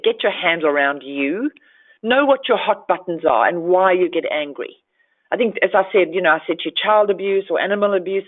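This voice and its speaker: A woman coach giving a motivational talk to women, direct and emphatic, repeating her key advice. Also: fairly low pitch. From Australia. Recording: tinny phone-like sound.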